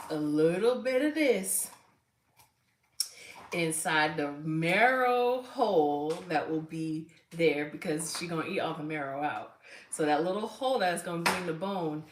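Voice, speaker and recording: A woman's voice: fairly low pitch, distant mic. Chatty older woman in an echoey room. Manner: chatty, talks straight to viewers. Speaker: livestream host. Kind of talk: casual livestream chat. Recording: echoey room, voice off-mic, faint noise.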